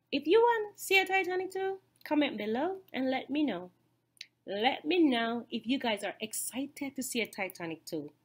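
A woman vlogger chatting casually to her viewers. She repeats herself and keeps asking them rhetorical questions. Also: sits high. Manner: excitable. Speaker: YouTube vlogger. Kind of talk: casual chat to camera.

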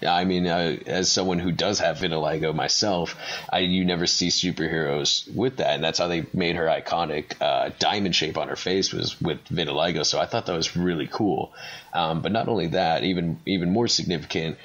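A man with a very low voice co-hosts a casual podcast chat. He laughs often and acts out scenes as he retells them. The sound is a little dull and lo-fi. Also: steady tone, fairly quick, a bit bright. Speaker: podcast co-host.

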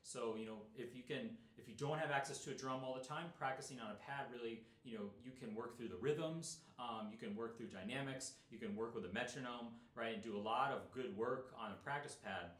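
A middle-aged man teaching snare drum in a relaxed, explanatory way, with many fillers. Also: mid-range voice, a little fast, hardly any pauses, echoey room. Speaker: percussion teacher. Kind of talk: instructional talk.

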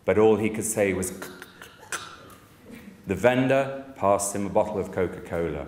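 Brief: man, conference speaker, low voice, storyteller turned reflective, echoey hall. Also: animated, normal speed, pauses often, darkish tone, slight background noise. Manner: storytelling, then reflective with frequent fillers. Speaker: conference speaker from a cancer support service. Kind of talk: conference talk with a humorous story.

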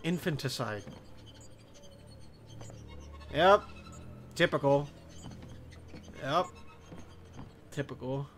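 A man doing let's play commentary, excitable and profane, talking to himself as he plays. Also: a little high, slow pace, faint music behind. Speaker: gaming commentator.

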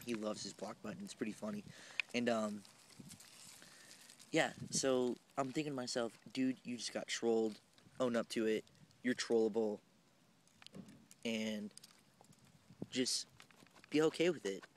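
A young man chatting casually to camera in a park, rambling with lots of fillers in an easygoing way. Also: mid-range voice. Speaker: vlogger. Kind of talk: casual vlog chat. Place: outdoors in a park. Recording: loud outdoor noise on a camera mic.

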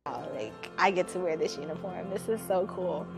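A woman Navy recruit speaking earnestly and excitedly in a documentary interview. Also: lowish voice, moderate pace. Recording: faint music underneath.

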